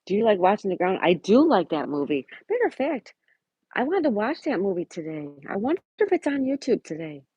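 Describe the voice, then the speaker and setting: A woman's voice: mid-range voice, very animated, brisk, dark tone, slightly rough, no echo, dull audio. A woman hosting a casual livestream, chatting and reading out viewers' messages and greeting them by name. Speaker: livestream host. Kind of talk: casual live-chat reading.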